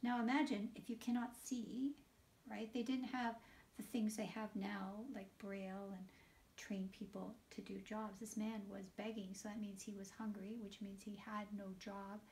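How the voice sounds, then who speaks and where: A woman leading a children's liturgy, reading scripture aloud and explaining it to children in an animated storytelling way, sometimes dropping to a whisper. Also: mid-range voice, normal speed, slight background noise. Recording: voice picked up from a distance.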